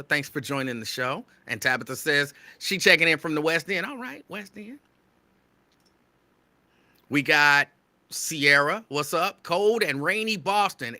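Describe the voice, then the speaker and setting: Radio host, male, excitable near-yelling delivery, very bright voice, dry close mic. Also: fairly high pitch, dry recording. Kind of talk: live show shout-outs to listeners.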